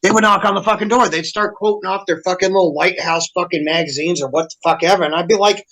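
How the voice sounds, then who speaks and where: A man in casual podcast chat who talks fast and bluntly, swearing a lot. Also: high voice, fairly bright tone, low-quality recording.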